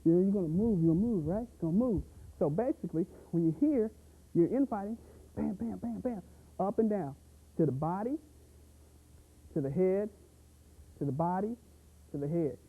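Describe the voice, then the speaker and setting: Guy coaching boxing on pads, lots of bam boom, tinny lo-fi audio. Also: a little fast, long pauses, husky. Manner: energetic, punchy, full of sound effects and repeated catchphrases. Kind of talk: instructional pad-work demo.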